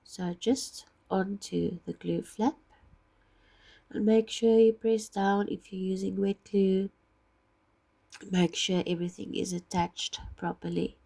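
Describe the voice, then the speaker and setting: A woman with a husky voice from being ill, patiently explaining each step of a craft project. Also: medium pitch, little pitch movement, slow, warm tone. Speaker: craft tutorial maker.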